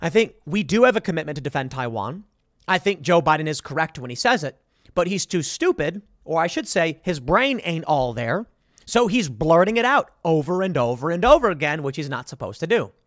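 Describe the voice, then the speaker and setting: Male commentator, emphatic and sarcastic, lively delivery in a dry, close recording. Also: fairly high pitch, no echo. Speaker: political commentator. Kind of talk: reading and reacting to headlines.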